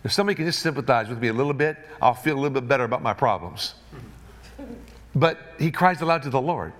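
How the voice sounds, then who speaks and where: A man preaching a sermon as pastor, emphatic, swelling to loud peaks and dropping to low, soft endings, repeating key words for emphasis. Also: expressive, fast talker, slight background noise.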